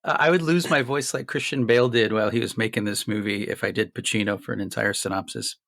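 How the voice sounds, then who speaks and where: A man's voice: on the low side, quick pace, creaky, fairly bright tone, no echo. A man cohosting a film podcast, chatting casually and reading a comic synopsis in a jokey, rambling way full of fillers.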